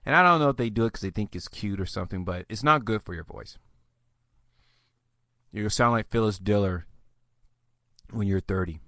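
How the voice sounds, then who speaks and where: A man's voice: on the low side, lively intonation, moderate pace, creaky, long pauses, bright, forceful tone, no echo, clean studio sound. A man hosting a solo podcast, giving fantasy football advice in a chatty, joking, rambling way. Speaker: podcast host.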